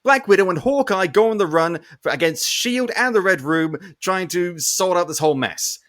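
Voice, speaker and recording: Male podcast host, fairly high-pitched, animated and ranty, casual film review chat. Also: moderate pace. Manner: animated ranting with frequent swearing.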